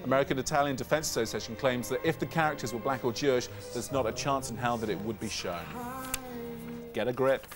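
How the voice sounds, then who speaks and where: A man's voice: mid-range voice, quick pace, over music. A man hosting a gossip news show, jokey and self-mocking as he banters with his guests. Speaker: host. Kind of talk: chatty showbiz news presenting.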